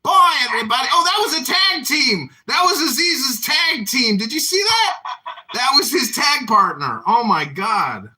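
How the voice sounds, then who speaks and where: A man's voice: very high-pitched, sing-song, moderate pace, bright, forceful tone. A man hosting an online audio room in his own voice, sarcastic and rambling, mocking the people in the room. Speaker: host. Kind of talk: casual chat in a social audio room.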